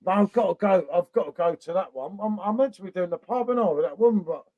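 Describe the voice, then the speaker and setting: A man's voice: high-pitched, fast, warm tone, no room sound, muffled recording. A man hosting a casual live stream, matey and blokey, swearing freely as he chats. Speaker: livestream host.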